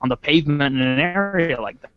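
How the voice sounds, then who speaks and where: A man co-hosting a podcast, arguing his point in animated casual chat. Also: on the high side, fast, no room sound. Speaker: podcast co-host. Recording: dull dry lo-fi podcast audio.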